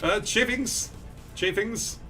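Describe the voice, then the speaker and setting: A young man giving animated gameplay commentary as a streamer, yelling when things get exciting. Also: high voice, slow pace, faint music behind. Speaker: game streamer.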